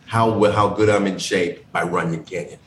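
A man from Indiana, a podcast guest, talking reflectively and haltingly from his living room over a video call. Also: sits low, steady tone, reverberant, slight background noise, rough recording. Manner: reflective, hesitant, many restarts. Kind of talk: casual interview.

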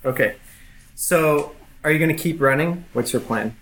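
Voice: mid-range voice, normal speed, a bit bright, rough recording. A game master narrating a tabletop game, with a hesitant delivery full of fillers and restarts.

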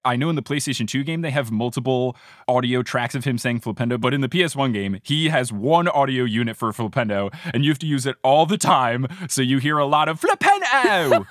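A young man hosting a casual podcast, chatting about video games and dropping quick impressions of game voices. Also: medium pitch, no echo, clean studio sound. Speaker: podcast host.

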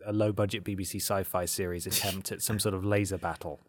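A man's voice: sits low, fairly even intonation, quick pace, dry recording. A man co-hosting a podcast in casual banter, playful and jokey. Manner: playful, jokey, breaks into silly sounds. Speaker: podcast co-host.

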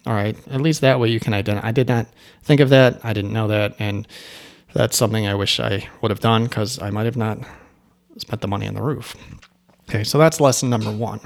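A man who owns an agency, telling a story in a casual, rambling way with asides and restarts. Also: fairly low pitch. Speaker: agency owner.

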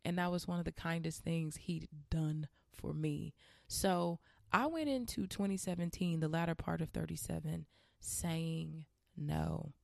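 Candid podcast host, woman, 30s, low gravelly voice, dry sound. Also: unhurried, a little mellow, dry recording. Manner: candid, chatty, addresses listeners directly. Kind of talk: personal reflective monologue.

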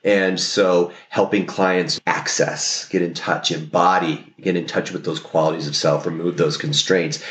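A man's voice: deep voice, fairly even intonation, measured pace, few pauses, a bit bright. A male therapist, a podcast guest, talking reflectively and explaining, often checking in with "right?". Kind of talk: podcast conversation. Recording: roomy echo.

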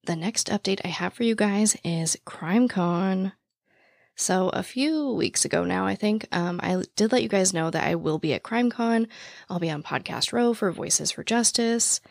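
A young woman hosting a podcast in casual chat, with a naturally raspy voice, talking very fast and out of breath. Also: mid-range voice, no room sound, studio quality. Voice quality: naturally raspy voice with vocal fry. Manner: talks very fast, breathless and rambling. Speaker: true crime podcast host. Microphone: podcast mic, standing while recording.

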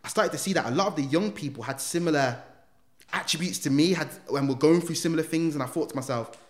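A man, a podcast guest telling his life story in animated street slang. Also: a little high, fast. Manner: animated, slangy, acts out voices. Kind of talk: emotional personal storytelling.

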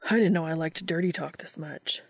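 Eager, flustered young man, voiced by a woman, breathy whispering, slight fry. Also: low voice, fairly quick, no echo, studio quality.

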